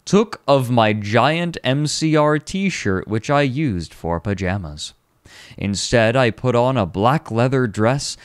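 Slow, lively-voiced man reading aloud. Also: medium pitch, no echo, studio quality. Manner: mock-dramatic, breaks into laughter. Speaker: streamer. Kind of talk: comedic dramatic reading on stream.

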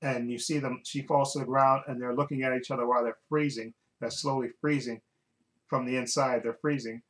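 A man's voice: medium pitch, fairly even intonation, a little fast, a bit bright, rough recording. A man casually recapping a TV episode as a reviewer, rambling and often restarting while he searches for words.

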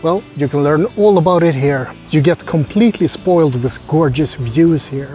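A playful travel vlogger strolls through a zoo outdoors, narrating in a casual voice. The speaker cracks jokes and chats to the animals along the way. Music plays clearly behind the voice throughout. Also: medium pitch, normal speed, dark tone. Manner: playful, jokey asides, chatting to animals.

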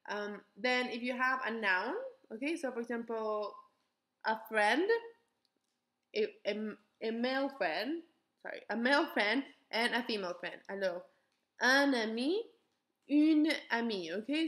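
A young adult woman teaching a beginner French class, switching between French and English and slowing down to model pronunciation. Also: fairly high pitch, a bit bright, echoey room. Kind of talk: recorded class lesson.

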